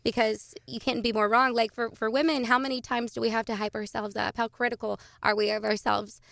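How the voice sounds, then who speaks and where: A woman's voice: a little high, flat delivery, fairly quick, gravelly, fairly bright tone, no echo, studio quality. A young adult woman, a podcast guest, talking casually and animatedly with frequent laughter and fillers.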